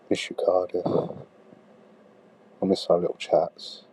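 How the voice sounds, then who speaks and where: A man doing comic voicemail monologues. He swears a lot and swings from shouting to hushed sighs. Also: poor audio. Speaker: comedy podcaster.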